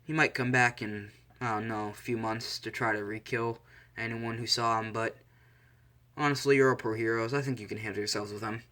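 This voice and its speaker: A man's voice: medium pitch, fairly even intonation, a little fast, pushed and bright. Male storyteller, improvised and rambling, self-amused asides. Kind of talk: improvised casual story narration.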